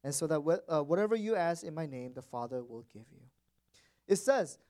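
A man's voice: on the high side, lively intonation, a little fast, dark tone. A man preaching a sermon as pastor in a church, stressing words and repeating phrases for emphasis.

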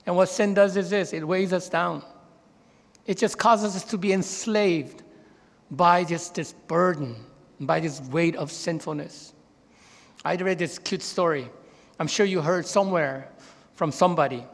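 A pastor with a gravelly voice preaches a bit slowly in a church sanctuary, a long reverb tail following his words. His sermon is built on stories, and he voices the characters with a raised pitch.

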